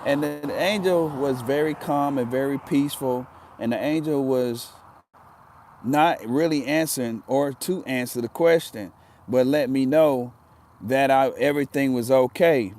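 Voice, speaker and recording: A man's voice: medium pitch, a little slow, a little mellow, a little hiss or hum. A man telling a personal story in a casual, earnest way, often repeating himself for emphasis.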